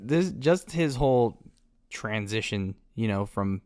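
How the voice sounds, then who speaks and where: Man, podcast co-host, relaxed casual chat, lots of fillers, dry close sound. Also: on the low side, slow, no room sound. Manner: relaxed, chatty, with frequent fillers like "like" and "um".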